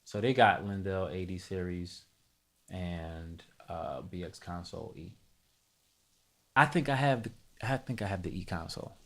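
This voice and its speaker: Low-voiced man thinking aloud on stream. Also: measured pace. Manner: casual, thinking aloud, self-correcting, talks to chat. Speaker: music production streamer. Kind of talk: live tutorial chat.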